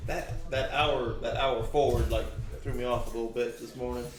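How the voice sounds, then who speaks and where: An easygoing man plays a tabletop game with friends and often stumbles over his words. He sits far from the mic in an echoey room, with clear noise behind him. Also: medium pitch, steady tone, normal speed. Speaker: player. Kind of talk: casual tabletop play.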